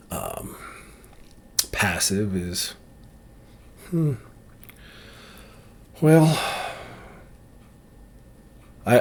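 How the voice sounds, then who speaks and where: A man's voice: lowish voice, slightly rough. A man ranting casually and bluntly to camera, opinionated and rambling, with frequent restarts. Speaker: vlogger.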